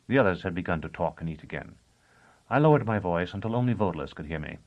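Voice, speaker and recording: Low-voiced man narrating a novel. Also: expressive, fast talker, dull audio. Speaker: audiobook narrator. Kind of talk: first-person scripted narration.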